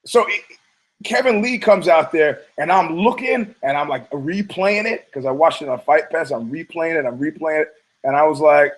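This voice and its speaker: Podcast host, a man from Detroit with a slightly high voice, loose and profane, stumbles and restarts. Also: fairly bright tone, husky, rough recording. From Detroit, United States. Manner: profane, laughing, frequent restarts. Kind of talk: rambling casual commentary.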